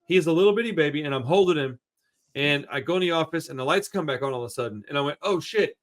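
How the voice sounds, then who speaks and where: A man hosting a casual podcast chat, excitable and profane, saying dude and bro constantly. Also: fairly high pitch, rapid-fire. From Houston area. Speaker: podcast host.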